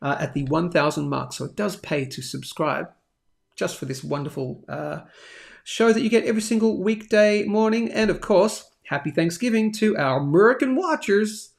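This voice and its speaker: A man's voice: fairly high pitch, moderate pace, creaky. A man hosting a daily live stream, chatting casually and rambling as he reads out viewer comments. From Australia. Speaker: host of a daily live show.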